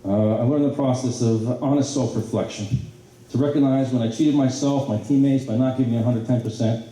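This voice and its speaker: A middle-aged man giving a banquet speech, telling stories in an animated way with many fillers and restarts. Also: mid-range voice, a little fast. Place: banquet hall. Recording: very echoey hall from a distance.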